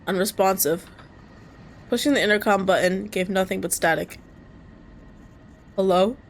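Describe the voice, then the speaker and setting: Reading a visual novel aloud on stream, a woman moves between calm narration and loud reactions where she squeals, laughs, and curses in casual asides. Her voice is medium in pitch and her pace moderate, and there is a little hiss or hum in the audio.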